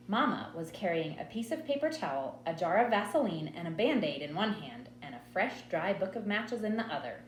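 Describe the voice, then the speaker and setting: Woman reading a novel, lively and expressive. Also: low-pitched, fairly quick, few pauses. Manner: expressive storytelling read. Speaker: audiobook reader. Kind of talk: first-person novel narration. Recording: roomy with faint hum.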